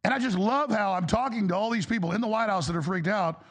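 A man's voice: high-pitched, quick pace. A male talk show host delivering an angry, exasperated political rant, blunt and profane. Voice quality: gravelly.

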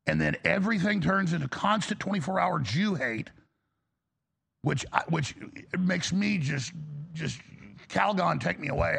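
A man's voice: a little high, fairly bright tone. A male talk show host delivering an angry, exasperated political rant, blunt and profane. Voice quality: gravelly.

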